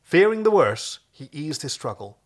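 An animated male podcast host chats and reads fan fiction aloud, and he jumps readily into character voices. His pitch swings widely as he talks, and his delivery is expressive and casual. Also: normal speed.

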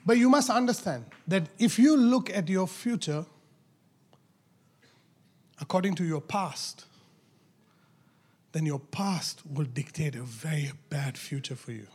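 A man preaching a sermon as pastor, moving from quiet coaxing to loud, shouted exhortation. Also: fairly high pitch, expressive, a little slow, pauses often, husky.

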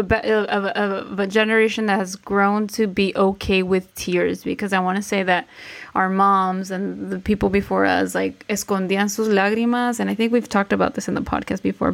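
A woman's voice: mid-range voice, creaky. A woman, co-hosting a podcast in casual chat, moving between English and Spanish with many fillers. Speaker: podcast co-host.

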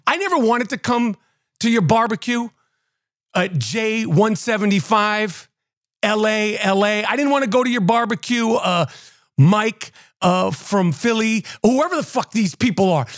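Profane, high-voiced New man ranting. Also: no echo, clean studio sound. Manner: profane, emphatic, mocking. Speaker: podcast host. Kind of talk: casual rant.

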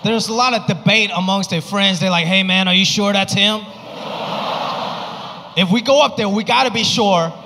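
A man performing a stand-up comedy set, telling stories and acting out his bits with animated delivery. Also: high-pitched, normal speed, noisy background. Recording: live stage recording in a reverberant hall.

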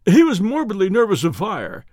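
A man's voice: high-pitched, wildly swooping pitch, moderate pace, darkish tone, no echo, studio quality, exaggerated voice. A man voicing an anxious, earnest male doctor who speaks urgently.

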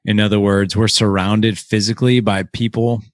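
A man with a fairly low voice talks in an earnest, emphatic way on a podcast. The recording is dry and close, with no room sound. He acts out short imagined exchanges between friends as he goes. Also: flat delivery, normal speed, no room sound. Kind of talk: casual podcast talk.

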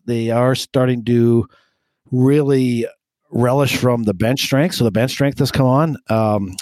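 A man co-hosting a sports podcast, talking like an animated fan and running through stats. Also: mid-range voice, dry recording. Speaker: podcast co-host. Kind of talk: casual sports podcast chat.

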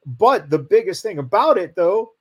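A man's voice: high voice, big pitch swings, moderate pace, fairly bright tone, husky, lo-fi sound. A man cohosting a casual wrestling podcast, talking hesitantly with many fillers. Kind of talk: casual panel chat.

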